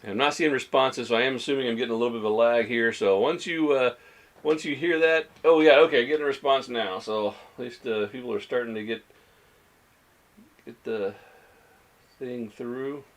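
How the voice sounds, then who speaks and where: Easygoing man with halting speech. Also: medium pitch, fairly even intonation. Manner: easygoing, halting with many fillers, reading out viewer replies. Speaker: church study leader. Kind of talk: casual livestream group chat.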